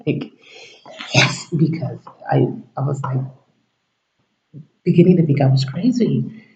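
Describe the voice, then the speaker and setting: A man's voice: medium pitch, measured pace, gravelly, a little mellow. A man telling a personal story to camera in a rambling, casual way, acting out dialogue and sometimes dropping to a whisper. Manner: rambling, acts out quoted dialogue, drops to a whisper at times. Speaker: vlogger. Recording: roomy, dull lo-fi sound.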